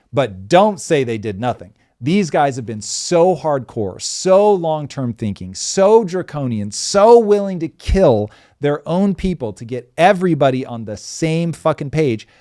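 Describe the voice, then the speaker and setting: Hosting his show with a medium-pitched, slightly mellow voice, a middle-aged man delivers animated commentary. He's emphatic and sarcastic, occasionally swearing as he riffs.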